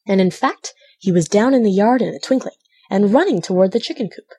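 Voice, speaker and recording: A woman narrating a classic children's novel as an audiobook, in a steady storytelling delivery. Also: mid-range voice, a little fast, husky. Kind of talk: scripted narration.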